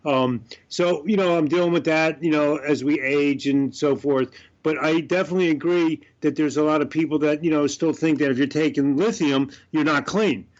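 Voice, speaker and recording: A middle-aged man talks as a podcast guest, his voice sitting a bit high. He gets impassioned and rambles, with plenty of fillers. The sound is dull and lo-fi. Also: steady tone, normal speed. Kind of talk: casual interview chat.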